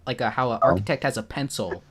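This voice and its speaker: A young man co-hosting a casual live stream chat, telling jokey stories in an animated way. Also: fairly low pitch, fast, crowd noise. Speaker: podcast co-host.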